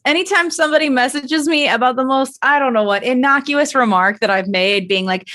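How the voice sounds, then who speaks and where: A woman's voice: fairly high pitch, moderate pace. Candid, profane young woman podcaster. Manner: candid, profane, animated storytelling. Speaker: podcast co-host. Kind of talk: casual chat.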